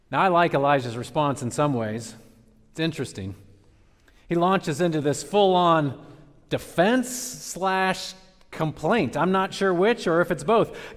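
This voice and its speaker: A man preaching a sermon as pastor, with dramatic swings between loud emphasis and quiet, slowed phrases. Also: a little high, lively intonation. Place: church sanctuary. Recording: long reverb of a large church hall.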